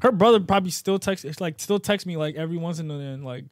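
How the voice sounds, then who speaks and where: A young man telling a story in casual podcast chat, animated and full of slang, getting loud when indignant. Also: fairly high pitch, fast, no room sound, clean studio sound. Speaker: podcast co-host.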